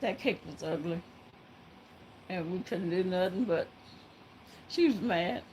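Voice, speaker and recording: A woman telling a story to viewers in a halting, casual way, breaking into frequent laughter. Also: on the low side, a little mellow, a little hiss or hum, rough recording. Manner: laughs often, halting with many fillers.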